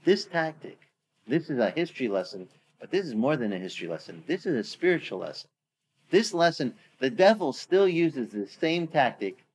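A man preaching in a relaxed, animated way and retelling scripture in casual slang. His voice sits a little higher than most men's and he switches easily between storytelling and direct address. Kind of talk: sermon.

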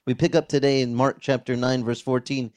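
A male pastor preaching a conversational, animated expository sermon. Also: medium pitch, a little fast, faint music behind.

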